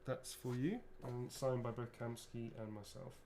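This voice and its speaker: A man's voice: mid-range voice, little pitch movement, moderate pace, mellow, a little hiss or hum. A man, an actor, chatting casually and rambling through a livestream autograph signing, swearing freely as he goes.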